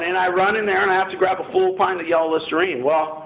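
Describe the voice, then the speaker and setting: A man's voice: high-pitched, steady tone, fast, hardly any pauses. A man telling a personal story to an audience in a blunt, self-mocking and profane way. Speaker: former Marine telling his story. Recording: tinny phone-like line, faint noise.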